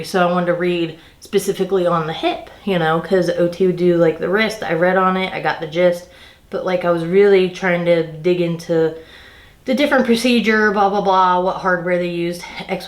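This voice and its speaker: A woman vlogger chats through a workplace storytime while doing her makeup. She retells the story with lots of "like" and acts out what her coworkers said. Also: medium pitch. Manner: animated retelling, acting out quoted coworkers, heavy use of "like". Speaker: beauty vlogger. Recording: roomy echo.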